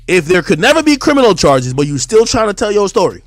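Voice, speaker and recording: A man delivers a heated, defiant rant, hammering his points over and over. His voice sits high and swings widely, and the recording is close and dry with faint music beneath. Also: sing-song, fast, dry recording. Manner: defiant, repetitive, emphatic. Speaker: streamer commentator.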